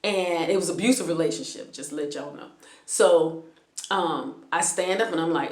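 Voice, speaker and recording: Low-voiced woman telling a story. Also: normal speed, echoey room. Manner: conversational, frequent hesitations and restarts. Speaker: vlogger telling a personal story. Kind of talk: casual spoken storytelling.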